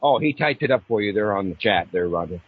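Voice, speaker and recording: A man's voice: lowish voice, fast talker, husky. A man telling his own stories in a casual chat on an online radio show, acting out the people in them as he goes. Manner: animated storyteller, acts out voices in his stories. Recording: dull lo-fi online radio audio.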